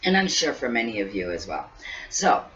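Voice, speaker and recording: A woman's voice: a bass voice, sing-song, normal speed, fairly bright tone. A woman in her fifties chatting earnestly to camera as a vlogger, repeating herself and laughing briefly now and then, seated indoors. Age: 50s. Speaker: weight-loss vlogger. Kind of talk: casual talk to camera. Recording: distant mic, dull lo-fi sound, faint hiss.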